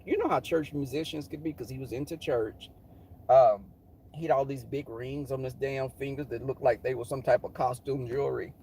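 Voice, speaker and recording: A middle-aged man telling a story casually and animatedly, sassy and profane. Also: breathy edge. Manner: animated, sassy, profane, jumps into high voices for quotes.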